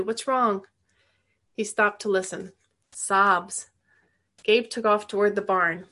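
Woman reading chapters of a novel aloud, unhurried, explains passages as she goes. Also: medium pitch, a bit bright. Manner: pauses to explain the text to a listener. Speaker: reader.

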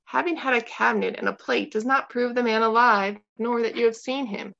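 A woman's voice: a little high, fairly even intonation, brisk, vocal fry, fairly bright tone. A woman voicing a scheming male prosecutor who speaks in a stern, accusing way, on a dull lo-fi recording. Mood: cold.

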